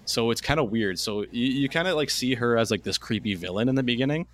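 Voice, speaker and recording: Young man, casual podcast chat, rambling, filler-heavy, middle-pitched voice. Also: fast talker, slight background noise. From Canada. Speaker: podcast co-host. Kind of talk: casual movie review chat.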